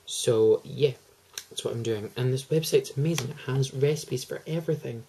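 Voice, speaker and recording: A man's voice: medium pitch, moderate pace, gravelly, warm tone, a little hiss or hum, poor audio. A teenage boy, chatting to camera in a hyper, gushing, rambling way. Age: teens. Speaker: vlogger. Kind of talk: casual chat to camera.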